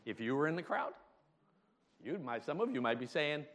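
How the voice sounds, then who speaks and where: A man's voice: a little high, lively intonation, moderate pace, fairly bright tone, slight background noise. A man preaching a sermon as pastor, emphatic and full of rhetorical questions, laughing often between points. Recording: long hall reverb.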